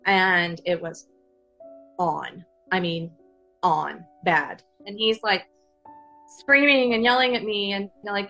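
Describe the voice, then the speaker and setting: A woman recounting a painful personal story as a guest, halting with many fillers and restarts. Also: medium pitch, steady tone, sharp tone, highs cut off, faint music behind.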